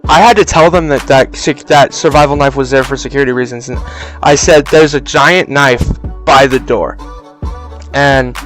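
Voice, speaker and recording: A young man casually telling a story for a vlog, animated and swearing freely, on a cheap mic. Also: medium pitch. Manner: animated, profane, acts out voices. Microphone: cheap low-quality mic.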